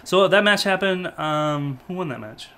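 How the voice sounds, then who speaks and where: A man co-hosting a casual wrestling review show, talking in a relaxed, rambling way and trailing off quietly at times. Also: high-pitched, moderate pace. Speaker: co-host.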